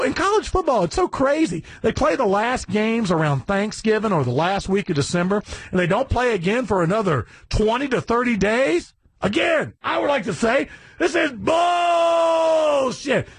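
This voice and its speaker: A man hosting a satellite radio show, ranting in a brash, profane monologue with sudden shouted bursts. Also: high voice, breathy edge.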